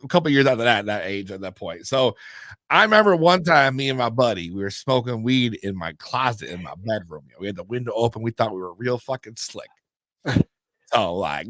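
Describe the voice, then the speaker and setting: A man's voice: medium pitch, a little fast, dry recording. A man hosting a casual podcast, telling a story with lots of swearing and laughter. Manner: profane, laughing, animated storytelling. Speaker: podcast host.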